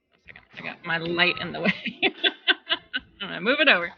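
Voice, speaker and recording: A woman's voice: lowish voice, expressive, fairly quick, creaky, muffled recording. A woman hosting a live stream, chatting casually and greeting her viewers by name. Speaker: livestream host.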